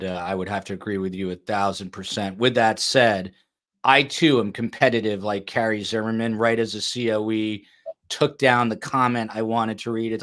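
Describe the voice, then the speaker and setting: A man's voice: lowish voice, a bit bright. A man hosting a true crime podcast, chatting casually, joking about himself and reading out viewer comments. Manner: chatty, self-deprecating, reads viewer comments. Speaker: podcast host.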